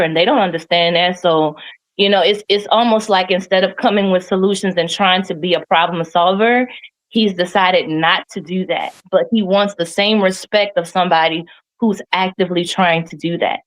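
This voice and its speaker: Animated woman co-host in a chat. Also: lowish voice, normal speed. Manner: animated, incredulous. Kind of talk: casual commentary chat.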